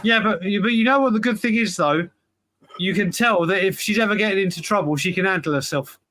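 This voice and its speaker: A man in his forties with a high, bright voice talks with his co-hosts in loose, joking banter. He laughs along when they mock him and keeps the tone light. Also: fairly quick. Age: 40s. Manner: self-mocking, laughs at his own teasing. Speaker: podcast co-host. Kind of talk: casual banter.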